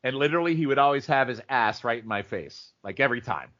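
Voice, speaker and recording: A man co-hosting a podcast, telling stories in animated, rambling casual chat and jumping into goofy impressions. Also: mid-range voice, fast. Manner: animated storyteller, mimics people in funny voices. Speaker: podcast co-host. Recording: dull lo-fi audio.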